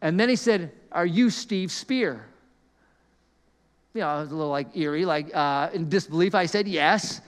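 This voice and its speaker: A man preaching through a personal story with a high, smooth, resonant voice. He talks conversationally and self-deprecatingly, slipping into the voices of people in his story. The sound carries the long reverb of a large hall. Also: quick pace, hardly any pauses. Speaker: pastor. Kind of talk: storytelling sermon.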